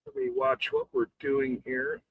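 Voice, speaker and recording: A man's voice: medium pitch, huge pitch swings, measured pace, vocal fry, phone-quality sound, slight background noise. A man hosting a casual livestream, swearing and greeting viewers in chat between bursts of laughter. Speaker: livestream host.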